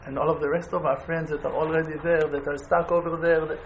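A man giving an impassioned appeal, pleading, repeating his phrases and swinging between loud urging and quiet, near-tearful moments. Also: a little high, level tone, fast talker. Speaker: community speaker making an appeal. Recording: dull lo-fi with faint noise.

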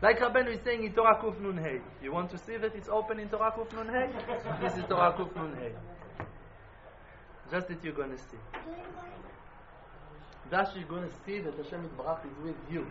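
Man, emphatic religious teacher; high-pitched, faint background noise on a muffled recording. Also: fairly quick, long pauses. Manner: emphatic, swings from loud exclamations to quiet intensity. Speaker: Breslov Hasidic teacher. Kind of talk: impassioned religious talk.

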